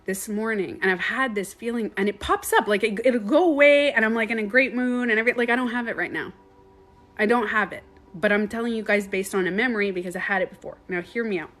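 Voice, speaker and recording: Animated, rambling meditation coach woman. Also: medium pitch, quick pace. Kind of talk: casual live-stream monologue.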